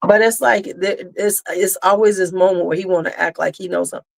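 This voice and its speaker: A woman's voice: fairly low pitch, steady tone, brisk, gravelly. A woman hosting a casual livestream, talking bluntly with some cursing and answering viewers' comments as they come in. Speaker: beauty channel host.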